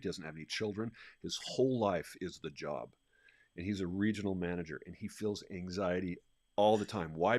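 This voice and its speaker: A man who is a leadership coach, talking in an energetic, animated way and restarting his sentences often. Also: low voice, no room sound, studio quality. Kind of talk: conversational podcast discussion.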